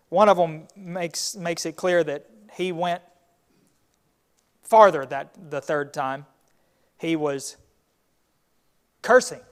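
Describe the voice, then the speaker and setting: A man teaching a Sunday Bible class, retelling a scripture scene in a conversational way. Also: on the high side.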